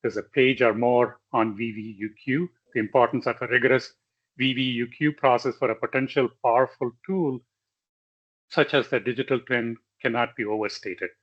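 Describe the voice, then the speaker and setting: A male lecturer giving a technical slide presentation in a measured way, pausing often with fillers and correcting himself. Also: medium pitch, fairly even intonation, breathy edge. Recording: slightly dull lo-fi audio.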